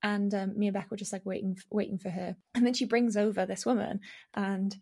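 A woman's voice: medium pitch, brisk, creaky, slightly rough. A young woman, co-hosting a podcast in casual chat, telling a story with lots of fillers and acted-out quotes. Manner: animated storytelling, acting out quotes, many fillers. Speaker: podcast co-host.

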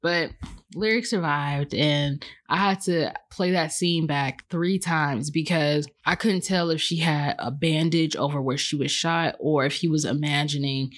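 Chatty woman podcast host, lowish voice. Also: unhurried. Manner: animated retelling with jumps into high-pitched acted outbursts; chatty, full of fillers. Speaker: podcast host reviewing a film. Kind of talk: casual chat.

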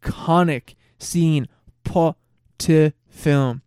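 A man's voice: a little high, a little mellow, smooth, dry recording, studio quality. A man in a casual chat, rambling and laughing as he recaps a film plot. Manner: rambling, laughing, swearing, fast storytelling.

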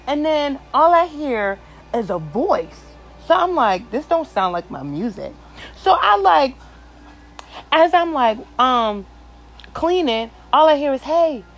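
A woman hosting a podcast, telling a story in a casual, animated and crude way, with plenty of swearing. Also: high-pitched, rough recording. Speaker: podcast host.

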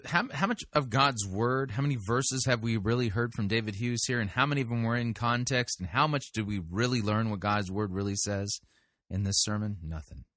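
A man's voice: on the low side, a little fast, fairly bright tone, no echo, clean studio sound. A man commenting on a sermon clip, sarcastic and pointed, firing rhetorical questions. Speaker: podcast critic, sermon reviewer.

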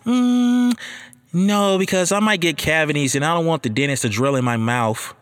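A sensible eleven-year-old boy , as his father puts him on. He answers in a calm, matter-of-fact way. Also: on the high side, normal speed, pitched above the performer's own voice, close to an everyday voice. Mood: dismissive.

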